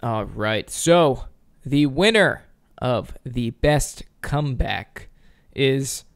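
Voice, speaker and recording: A man's voice: mid-range voice, lively intonation, drawn-out words, gravelly, smooth. A man co-hosting a casual podcast, joking and teasing his partner in a playful, dry way. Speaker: co-host.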